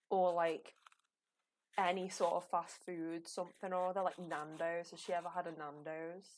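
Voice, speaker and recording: A young woman, chatting and rambling with a giggle while she streams a game. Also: lowish voice. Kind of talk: casual live game commentary.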